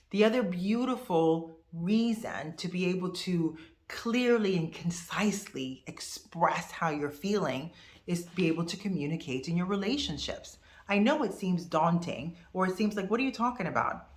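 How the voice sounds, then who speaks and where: A woman in her fifties teaching to camera in a casual, expressive, conversational way. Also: on the low side, normal speed, echoey room. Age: 50s. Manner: expressive, conversational, animated asides. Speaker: host.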